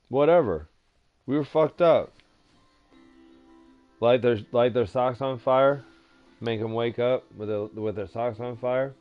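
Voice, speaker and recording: A young man rambling crudely through a casual story, swearing constantly and stumbling over fillers. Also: mid-range voice. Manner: profane, crude, loose storytelling with many fillers. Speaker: vlogger. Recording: dull lo-fi sound with faint music.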